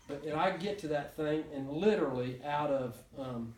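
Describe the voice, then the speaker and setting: A man's voice: a little high, a little slow, darkish tone, slight background noise. A man telling a story to a small group, rambling with many restarts and chuckles. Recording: echoey room, mic from far off.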